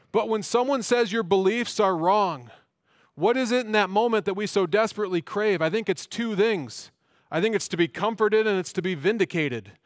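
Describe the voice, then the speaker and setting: Pastor guy preaching, earnest, repeats stuff for emphasis, highish voice. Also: dry recording, clean studio sound. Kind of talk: sermon. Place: church.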